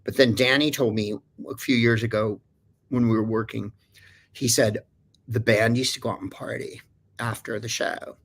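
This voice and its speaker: Guest storyteller: man, gravelly and husky, rambling casual chat. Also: medium pitch, fairly even intonation, moderate pace. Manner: rambling, digressive, many restarts and fillers.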